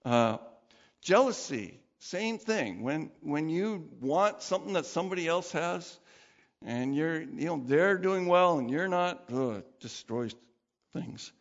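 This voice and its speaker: A man preaching a sermon as pastor, conversational and animated, acting out quoted voices. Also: fairly high pitch, unhurried. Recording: dull sound with long hall reverb.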